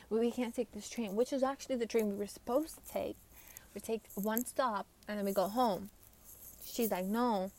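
A woman's voice: mid-range voice, warm tone. Rambling young woman telling a story. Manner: rambling, filler-heavy, swears freely. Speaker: streamer. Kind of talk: casual storytelling.

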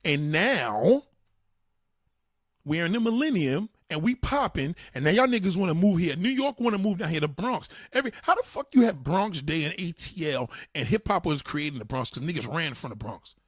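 A man's voice: a little high, big pitch swings, moderate pace, breathy edge, dry recording, clean studio sound. A man delivering a heated, profane monologue, blunt and repetitive, swearing a lot.

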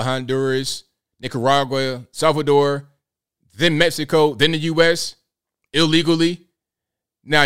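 A man's voice: mid-range voice, fairly bright tone, smooth. A man hosting a live show, talking in a casual, blunt, rambling way and riffing with rhetorical questions. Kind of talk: casual livestream commentary.

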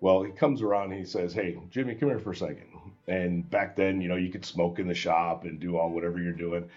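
A man guest on a podcast, telling a story in a casual, animated way and acting out the dialogue with many restarts. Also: low voice, fairly quick, highs cut off.

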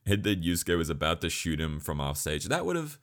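A man's voice: deep voice, big pitch swings, a little fast, fairly bright tone. A young man giving a blunt, profane, sarcastic anime review in casual ranting commentary.

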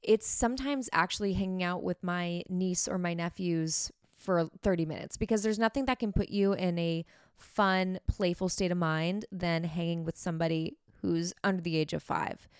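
A woman's voice: on the low side, normal speed, clear, resonant tone, no room sound, studio quality. A woman hosting a podcast, talking frankly and chattily about herself in a candid self-help monologue. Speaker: podcast host.

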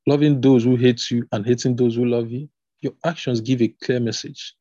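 A man reading the lines of a stern male army commander who bluntly scolds the king, in a husky voice. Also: mid-range voice, fairly even intonation, normal speed, mellow, no room sound, muffled recording, natural voice. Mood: scolding.

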